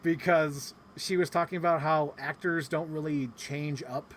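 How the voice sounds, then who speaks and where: Male host, slightly high voice, animated and loose, lots of "like", casual chat. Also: a little slow, slight background noise. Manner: animated, rambling, swears often, heavy use of "like". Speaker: podcast host. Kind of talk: casual chat recapping a convention.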